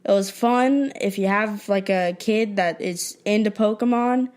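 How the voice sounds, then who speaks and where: A teenage girl co-hosting a podcast, talking casually in a dry, quick, offhand way. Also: mid-range voice, darkish tone. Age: teens. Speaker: podcast co-host. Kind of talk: casual chat.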